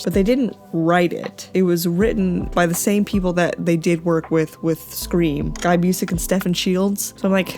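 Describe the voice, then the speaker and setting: A woman's voice: on the low side, a little mellow. A woman vlogger talking through her reaction to a film in a chatty, scattered way, laughing often. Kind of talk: casual chat.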